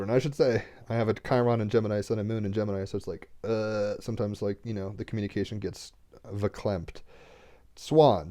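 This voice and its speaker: A man's voice: fairly low pitch, mellow. A young man reading cards on a home livestream, talking earnestly and rambling, sometimes near tears. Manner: rambling, earnest, fillers like "like" and "right?". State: tearful, getting emotional. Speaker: tarot card reader. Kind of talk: casual spiritual livestream talk.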